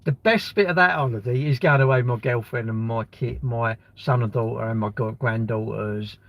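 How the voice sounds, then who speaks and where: A man's voice: mid-range voice, moderate pace, vocal fry, fairly bright tone, dry recording. A man, chatting on a live stream in a rambling, blunt way, with crude banter and answers to viewers' comments. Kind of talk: casual live-stream chat.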